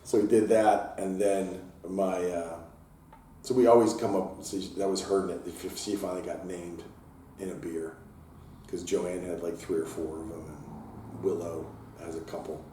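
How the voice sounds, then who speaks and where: A man's voice: deep voice, level tone, measured pace, mellow. A man who owns a brewery tells stories in a casual interview and acts out the people he quotes in a raised voice. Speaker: brewery owner and head brewer. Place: inside his brewery taproom. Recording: echoey room, mic at a distance, faint hiss.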